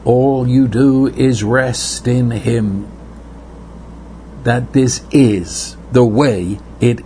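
Man, sermon, earnest, unhurried, faint room ambience behind. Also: mid-range voice, darkish tone, a little hiss or hum. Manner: earnest, repeats words, slows for emphasis. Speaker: preacher.

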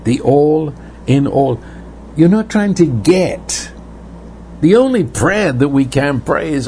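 Male preacher, slow and deliberate, earnest sermon delivery, slightly higher-pitched voice. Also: sing-song, warm tone, slight background noise. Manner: earnest, repeats words, slows for emphasis.

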